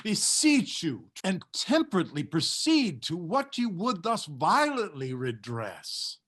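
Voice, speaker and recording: An actor playing an old Roman patrician who pleads for calm in a declamatory way. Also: mid-range voice, a little slow, slightly rough, exaggerated voice. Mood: pleading. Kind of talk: stage play reading.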